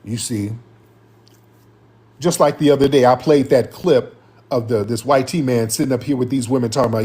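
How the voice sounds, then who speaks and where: A man's voice: mid-range voice, moderate pace, pauses often, darkish tone, husky. A man hosting a live-stream commentary show and taking callers, talking in an emphatic, repetitive, slang-heavy way.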